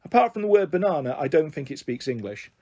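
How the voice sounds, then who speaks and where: Man voicing a know-it-all storybook writer, high voice, emphatic, lively. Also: fast talker. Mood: explaining.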